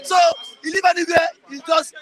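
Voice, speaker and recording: A Nigerian man arguing politics forcefully, talking over others and repeating himself. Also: very high voice, fairly even intonation, fairly quick, some chatter behind. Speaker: interviewee. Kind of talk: heated political argument.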